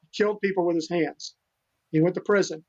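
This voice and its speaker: Earnest older man with a high voice. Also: fairly even intonation, a little fast. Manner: earnest, rambling, many restarts. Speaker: guest, animal rescuer. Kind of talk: storytelling interview talk. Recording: dull lo-fi sound.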